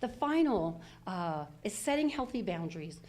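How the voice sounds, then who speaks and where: A woman's voice: mid-range voice, very animated, normal speed, a little mellow. An older woman minister giving a conversational, self-deprecating sermon, full of fillers and small laughs. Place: church sanctuary.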